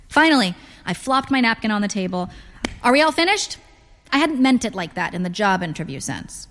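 A woman reading literary fiction aloud in a measured, wry, unhurried way. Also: medium pitch. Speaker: narrator. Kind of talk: scripted literary narration. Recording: long hall reverb.

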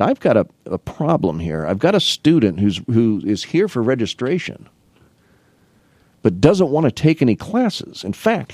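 A man's voice: lowish voice, dark tone, no echo, clean studio sound. A middle-aged man from the Midwest United States, an academic advisor, tells rambling anecdotes in a casual monologue and acts out both sides of the conversations.

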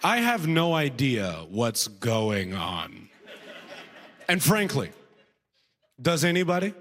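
A man doing a stand-up comedy routine, telling a story with quick impressions of the people in it. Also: medium pitch, wildly swooping pitch, a bit bright, in a large hall. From outside the United States.

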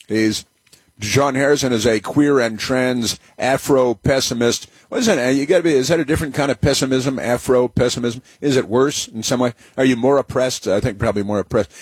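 A man hosts a talk radio show, musing sarcastically and wandering through his points with plenty of "uh"s. His voice is slightly husky and sounds dry and close to the mic. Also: medium pitch, no echo. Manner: sarcastic, rambling with many fillers.

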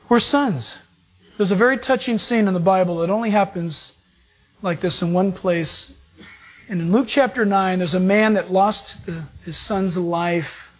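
A man preaching a sermon as a pastor, emphatic and animated. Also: high-pitched. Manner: emphatic, animated preaching that acts out quoted voices.

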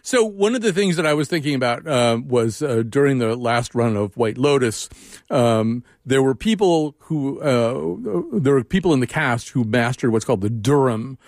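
A man hosting an interview chat, telling stories in a lively way with many filler words. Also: medium pitch, moderate pace, no echo, studio quality. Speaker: host.

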